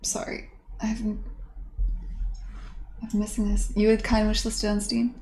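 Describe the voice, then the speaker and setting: Gravelly, excitable woman streamer. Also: mid-range voice, a little slow, slight background noise. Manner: excitable, swears freely, mutters to herself. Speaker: indie game developer streaming. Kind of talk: casual live-stream chat with viewers.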